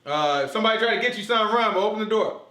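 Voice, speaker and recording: A man holds forth in a casual Bible study, his voice a bit higher than most and rising and falling with plenty of life. He talks in an animated, joking, conversational way. The room around him rings with a noticeable echo. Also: rapid-fire.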